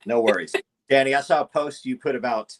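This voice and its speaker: A man's voice: medium pitch, brisk. A man from Tennessee with a Southern US accent, co-hosting a podcast in an easygoing way. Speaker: podcast co-host. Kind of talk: casual podcast chat.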